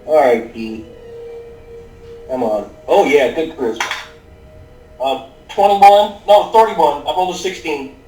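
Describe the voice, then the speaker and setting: Man player, brash and joking, high voice, echoey room, distant mic. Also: unhurried, pauses often, dark tone. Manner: brash, joking, playing an arrogant lord. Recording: roomy, distant mic, faint music.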